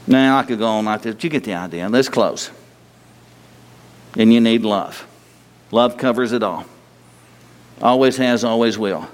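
A man's voice: mid-range voice, normal speed, long pauses. A man preaching a sermon in a folksy, humorous way, with restarts and sudden bursts of emphasis. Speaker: pastor. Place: church sanctuary. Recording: long hall reverb.

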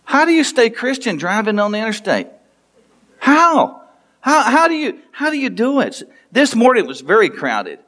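Pastor, male, high voice; playful sermon delivery, acts out the dialogue. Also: huge pitch swings, normal speed, a bit bright. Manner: storytelling, playful, acts out dialogue with rising pitch.

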